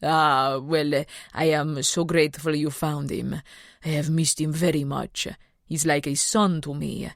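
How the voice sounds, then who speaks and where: A woman voicing a grateful deep-voiced man who speaks politely and haltingly. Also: fairly even intonation, vocal fry, no room sound, studio quality.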